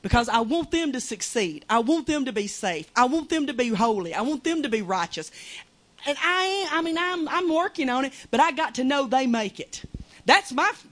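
A woman preaches in a high voice, mixing fervent urging with plain, folksy talk. She addresses a small congregation directly, as if chatting with them. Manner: fervent, conversational preaching with Southern colloquialisms. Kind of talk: sermon. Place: small church.

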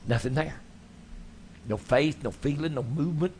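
A man preaching a sermon, telling his stories in a folksy, animated way. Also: fairly high pitch, moderate pace, a little hiss or hum. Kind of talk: sermon storytelling.

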